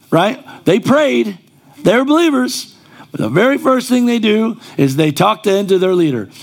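A man's voice: sits high, vocal fry. A male pastor preaching a sermon in a church, conversational and then rising to emphatic exclamations.

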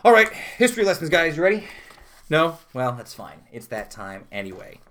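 Lively, chatty male podcast host. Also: a little high, brisk. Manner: chatty, jokey, reads trivia aloud with asides. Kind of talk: casual chat and trivia reading.

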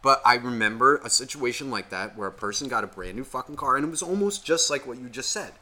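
A man's voice: mid-range voice, lively intonation, fast talker, bright, forceful tone. A man co-hosting a podcast, telling a rambling, profanity-laced story in casual chat. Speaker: podcast co-host.

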